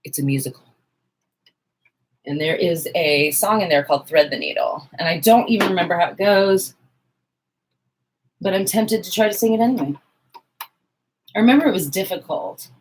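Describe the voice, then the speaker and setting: With an expressive, lowish voice, a woman in her 40s speaks at normal speed with long pauses, over slight background noise in a low-quality recording. She hosts a casual livestream at home, sewing in her sewing room with a fan running, chatting with viewers and joking at herself.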